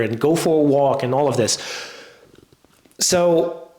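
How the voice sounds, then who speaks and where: A man's voice: medium pitch, takes it slowly, long pauses, darkish tone. A man who is a fitness coach, talking casually and rambling to camera, with slightly English. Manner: rambling, conversational. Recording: roomy echo.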